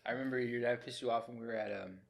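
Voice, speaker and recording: A young man co-hosting a podcast who talks quickly and brashly. He swears freely and calls his friend dude, and his voice sits at a middling pitch for a man. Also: fairly even intonation, creaky. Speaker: podcast co-host. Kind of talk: casual chat.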